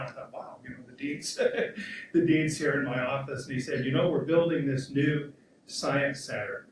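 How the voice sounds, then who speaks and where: A man, a professor, speaks at a memorial with halting starts and gentle laughs. He tells fond anecdotes. The room is very echoey and he stands far from the mic, with faint ambience behind him. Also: medium pitch, background noise. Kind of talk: spoken remembrance at a memorial event. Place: memorial event hall.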